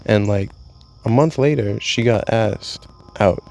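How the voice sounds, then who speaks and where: A man's voice: on the low side, takes it slowly, vocal fry, a little mellow, soft background music. A young man vlogging a candid, rambling confessional monologue, swearing freely as he talks.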